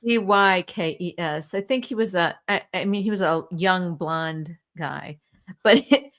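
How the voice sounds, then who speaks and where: A woman's voice: fairly low pitch, a little slow, fairly bright tone. A woman co-hosting a casual chat show over a video call. She is candid and swears, and she laughs often as she talks. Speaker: podcast co-host.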